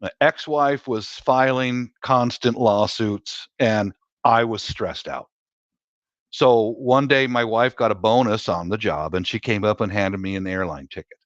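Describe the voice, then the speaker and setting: A man's voice: on the low side, unhurried, dry recording. Middle-aged man telling stories, laughing often. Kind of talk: casual storytelling chat. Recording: dull lo-fi dry sound.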